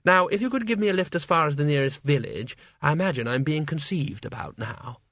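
A man's voice: fairly high pitch, expressive, brisk, a bit bright, no echo, studio quality. A man doing a placid old monk. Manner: placid, pleasant, chatty. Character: old, tiny, cheerful reincarnating monk.

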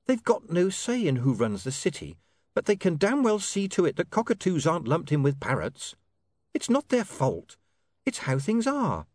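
A man voicing a sharp, indignant young working woman who lectures in a heated, snappy way. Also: on the high side, huge pitch swings, moderate pace, no room sound, clean studio sound, voice pushed up.

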